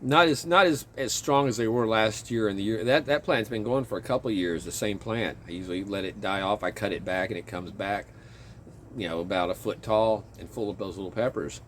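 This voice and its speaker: A man casually chatting in his garden outdoors, rambling and chuckling as he talks, with a relaxed, self-interrupting way of speaking. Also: on the low side, a little fast, a little hiss or hum. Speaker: vlogger and home gardener.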